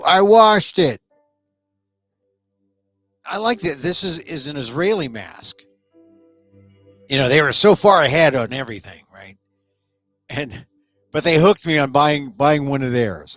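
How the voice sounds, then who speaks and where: A man's voice: on the high side, animated, measured pace, pauses often, fairly bright tone, dry recording, faint music behind. A man hosting a live-streamed talk show in a casual, rambling monologue, full of joking asides.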